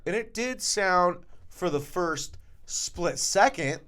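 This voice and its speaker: A man's voice: sits high, takes it slowly, clean tone. A man co-hosting a podcast, talking in crude casual banter, swearing constantly and laughing often. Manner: profane, animated, laughs often. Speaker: podcast co-host.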